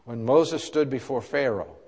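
A man's voice: medium pitch, measured pace, slightly rough. Man preaching in a reverberant church hall. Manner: preaching with rises and drops in loudness, asking the congregation questions. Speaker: pastor. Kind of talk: sermon.

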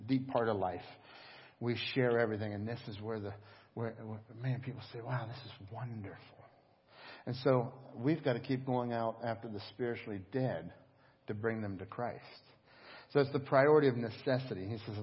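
A middle-aged man preaching a sermon as pastor, telling stories in an animated, conversational way. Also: on the low side, breathy edge. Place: church service. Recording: dull echoing church hall audio.

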